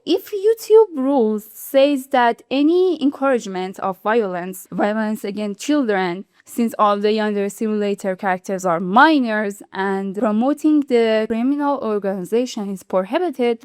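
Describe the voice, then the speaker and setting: A non-native English-speaking woman hosting a YouTube commentary, explaining in an animated, indignant way. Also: fairly high pitch, no echo, clean studio sound. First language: not English. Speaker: YouTube channel host. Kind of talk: video commentary.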